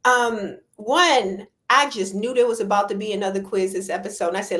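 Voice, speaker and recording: A woman's voice: on the high side, a little fast, few pauses, a bit bright. A woman guest in a casual live-stream chat, talking eagerly and with feeling. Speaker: guest panelist. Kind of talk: casual show recap chat.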